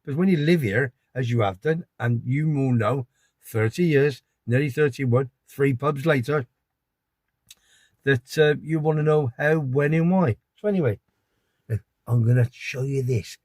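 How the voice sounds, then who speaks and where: Out on the town streets, an older English vlogger from Gloucestershire films himself on a handheld phone, speaking in an unhurried, slightly mellow mid-range voice with no room sound. His rambling is chatty, cheeky and self-promoting, and the noisy phone audio picks up traffic around him.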